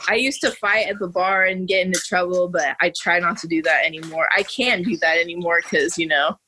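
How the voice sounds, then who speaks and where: A young woman, a professional fighter and podcast guest, chatting casually with frequent fillers and quick laughs. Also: fairly low pitch, fairly even intonation, pushed and bright, a little hiss or hum, poor audio.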